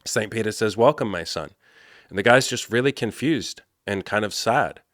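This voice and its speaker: A man in his thirties, a life coach, giving a blunt, animated motivational talk. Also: on the low side, normal speed, no echo, clean studio sound. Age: 30s. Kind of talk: motivational vlog monologue.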